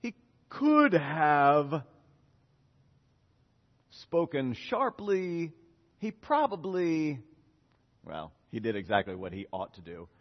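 A man preaching a lively sermon, retelling a Bible story in casual speech and acting out the characters' lines. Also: a little high, slow pace, pauses often, long reverb tail, lo-fi sound. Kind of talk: lively sermon with acted-out dialogue.

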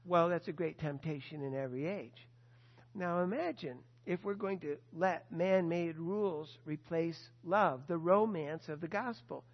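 A man preaching a sermon, telling a story with lively animation and acting out the people he quotes. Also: high-pitched, big-room sound, dull audio. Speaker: pastor.

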